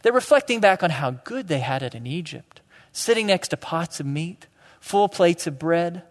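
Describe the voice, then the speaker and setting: A man preaching a sermon as pastor, animated and building to loud, emphatic peaks. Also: on the high side, normal speed. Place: church sanctuary. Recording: reverberant church hall.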